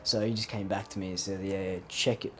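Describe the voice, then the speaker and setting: A man's voice: deep voice, flat delivery, fast talker, slight background noise. A young man co-hosting a podcast, telling stories in casual chat, laughing often and swearing freely. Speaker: podcast co-host.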